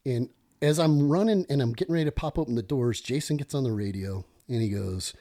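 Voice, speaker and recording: A middle-aged man, a former police lieutenant, telling a story as a podcast guest in an animated, self-interrupting way. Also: medium pitch, brisk.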